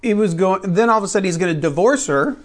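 A man's voice: high voice, expressive, fast. A man on a church live stream, casually explaining a scripture question and correcting himself as he goes. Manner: rambling, self-correcting, chuckles. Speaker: church teacher answering questions.

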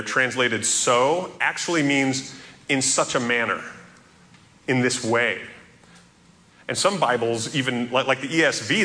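A man preaching an earnest sermon as a pastor, stressing quoted scripture slowly and emphatically. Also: mid-range voice, sharp tone, slight background noise.

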